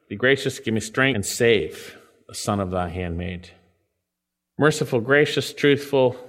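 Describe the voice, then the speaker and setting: A man preaching an expository sermon, reading scripture aloud and explaining it, his voice rising sharply for emphasis and dropping low and quiet. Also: in a large hall. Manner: animated, pitch swings up for emphasis then drops low. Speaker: pastor.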